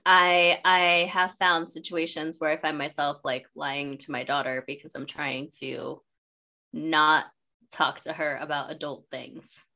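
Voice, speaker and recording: A middle-aged woman co-hosting a casual podcast chat, an animated storyteller who swears freely and acts out quotes. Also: deep voice, measured pace. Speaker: podcast co-host.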